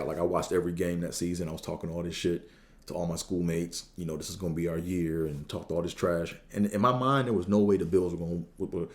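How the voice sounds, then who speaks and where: A man's voice: low voice, darkish tone. A man in his thirties hosting a show, telling stories in a laid-back, rambling way with lots of fillers and swearing. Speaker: host. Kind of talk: casual storytelling monologue.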